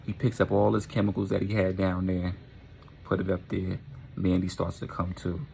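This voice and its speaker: A man telling a dark story in a casual, animated storytime manner, profane and often asking "right?". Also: low voice, moderate pace, vocal fry, a little hiss or hum.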